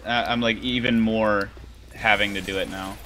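A man's voice: fairly low pitch, fairly even intonation, normal speed, sharp tone. Hesitant gamer guy on a noisy mic. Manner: hesitant, lots of fillers. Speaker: gamer playing co-op. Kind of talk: casual gaming chat.

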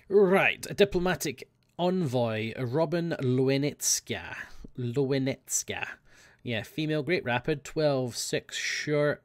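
A man hosting a let's play, chatting and muttering as he checks documents, swearing now and then. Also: medium pitch. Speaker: gaming video host.

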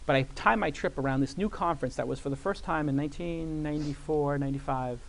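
A man in his forties on a conference stage, telling an animated story and acting out other people's voices. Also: fairly high pitch, fast, creaky, slight background noise. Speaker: guest entrepreneur. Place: conference stage before an audience.

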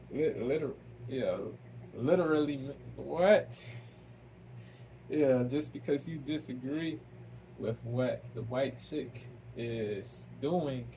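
A man in a casual reaction video who talks at a very slow, drawn-out pace. His voice sits at a middling pitch, and he keeps repeating his questions, mixing slang with fancy vocabulary. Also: warm tone, a little hiss or hum, poor audio. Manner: slow, repetitive, keeps asking why, drops fancy words.

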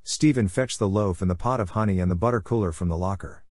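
A man narrating an audiobook with an even, literary reading. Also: deep voice, quick pace, few pauses, no echo, studio quality. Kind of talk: scripted narration.

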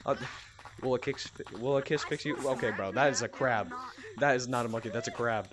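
A man playing a VR game in a small room at home, recording through a headset mic as he yells and trash-talks at other players. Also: mid-range voice, brisk, a crowd in the background. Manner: rowdy, trash-talking, yelling at other players. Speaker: gamer. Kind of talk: VR gameplay commentary.

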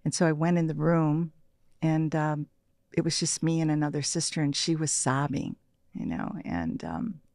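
A gravelly-voiced woman in her sixties tells personal stories in a soft, reflective way. She often drops almost to a whisper and laughs lightly. The recording is dry and close. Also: low voice, no room sound. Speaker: interview guest, meditation practitioner.

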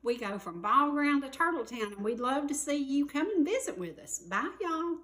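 An animated, high voice at normal speed echoes through the indoor kitchen. The Southern talk show host, a woman in her sixties, leads her cooking segment in a homey, folksy manner, saying "y'all."

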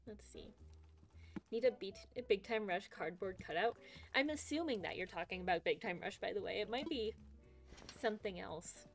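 A woman's voice: mid-range voice, normal speed. A young woman streaming a game, chatting casually and giggling often as she reads chat aloud. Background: game music.

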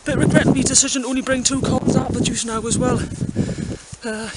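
A man's voice: very high-pitched, level tone, fast talker. A man joking dryly as he rambles through a rural valley, talking to the camera while he walks outdoors. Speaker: vlogger. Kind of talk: walking vlog commentary. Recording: loud wind and outdoor noise.

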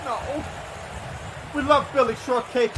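A man's voice: extremely high pitch, steady tone, unhurried, sharp tone. A man co-commentating a wrestling video game, joking and hyping the wrestlers. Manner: jokey, hypes the wrestlers. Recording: noisy stream audio.

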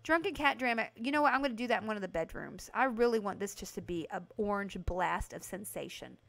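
A woman livestreaming a house renovation game, chatting casually with her viewers and breaking into excited bursts. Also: mid-range voice, fast talker, creaky. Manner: chatty, talks to chat by name, excited bursts. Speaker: livestream host playing a video game. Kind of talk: casual live game commentary.

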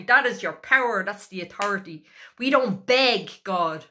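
A woman preaching a sermon, fervent and emphatic, with a repetitive cadence and slow, stressed scripture reading. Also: mid-range voice, lively intonation, fairly bright tone. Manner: fervent, emphatic, declaring with rising intensity.

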